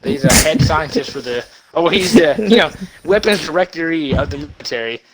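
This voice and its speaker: A young man retelling a movie plot as a rambling comic story, excited and short of breath, with sudden loud bursts. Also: fairly high pitch, brisk, low-quality recording.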